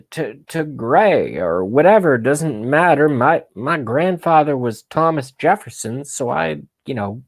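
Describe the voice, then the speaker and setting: A man's voice: fairly high pitch, no room sound, clean studio sound, pitched above the performer's own voice. A man putting on a rambling old candidate. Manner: halting, repeats himself, trails off. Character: rambling confused old male presidential candidate.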